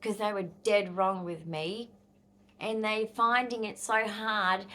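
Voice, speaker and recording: Speaking a little slowly in a medium-pitched, slightly bright voice, this woman from Western Australia vents to camera. She's a vlogger in her fifties whose casual video is blunt, angry and full of swearing.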